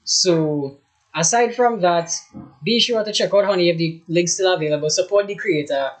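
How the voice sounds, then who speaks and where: A reaction video host from Trinidad, talking in a relaxed, chatty, offhand way. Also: mid-range voice, moderate pace. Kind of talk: casual reaction commentary.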